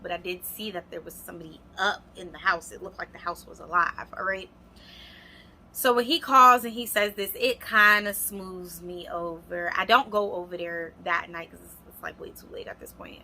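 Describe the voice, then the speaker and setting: A young adult woman vlogger tells a storytime vlog with animation, speaking straight to her viewers in casual chat. Her mid-range voice is bright, with a forceful tone.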